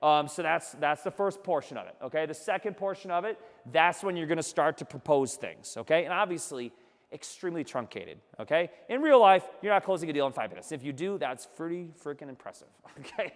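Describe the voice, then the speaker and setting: A man's voice: a little high, animated, brisk, in a large hall. A man teaching a live business workshop, coaching energetically and checking in with "okay?" after nearly every sentence. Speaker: workshop instructor. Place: seminar room with remote attendees.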